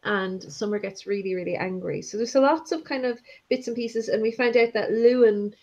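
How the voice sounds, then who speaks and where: A woman in casual book-discussion chat, talking haltingly with lots of fillers and restarts. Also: fairly high pitch, a little mellow, muffled recording.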